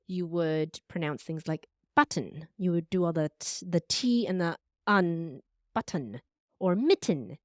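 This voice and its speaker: A woman's voice: on the low side, measured pace, few pauses, dry recording, clean studio sound. A woman in her forties, a podcast strategist and voice coach, telling stories with animation as a guest in a conversational interview. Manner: animated storyteller, acts out voices.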